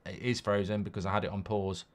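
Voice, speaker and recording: A man hosting a football watchalong stream. He chats casually, reads viewer comments aloud and rambles through stories in a blunt way, swinging between loud outbursts and low mutters. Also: flat delivery, fast talker. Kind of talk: live-stream casual chat.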